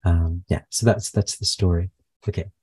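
A man channeler in a live session, speaking haltingly with many fillers and restarts. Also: low-pitched, fairly even intonation, darkish tone, breathy edge, no room sound.

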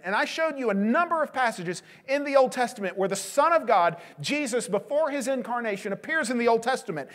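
A man's voice: very high voice, fairly bright tone. A man preaching from the pulpit with an earnest, pleading urgency. His delivery is emphatic, and he presses each point on his listeners. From United States. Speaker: pastor. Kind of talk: sermon.

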